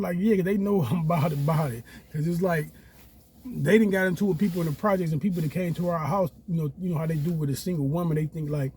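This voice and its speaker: A man telling a story casually, animated and profane, acting out quotes in a raised voice. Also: a little high, fast, husky.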